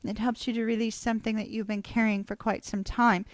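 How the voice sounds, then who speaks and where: A woman's voice: on the high side, little pitch movement, fairly quick, dry recording. A middle-aged woman, chatting through a live tarot reading and laughing often as she tells stories. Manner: chatty, storytelling, swears casually. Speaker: tarot reader.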